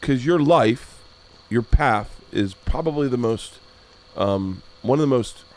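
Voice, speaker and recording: Loud and profane, a man in his forties tells stories and laughs as he hosts a casual podcast chat. He talks slowly, with a mid-range voice and lively intonation.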